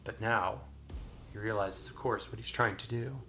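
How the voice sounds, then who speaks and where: A man narrating a solo tabletop game as game master in a relaxed, rambling way with many fillers. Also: fairly low pitch, normal speed, a little hiss or hum. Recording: music playing behind.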